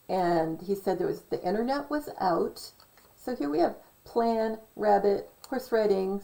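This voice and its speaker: A woman talks through her notes in a slow, unhurried way, her voice carrying a gravelly fry. She rambles between points and often stops to correct herself. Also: medium pitch, dark tone, rough recording. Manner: self-correcting, digressive, reads from notes. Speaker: conspiracy vlogger. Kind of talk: casual rambling commentary.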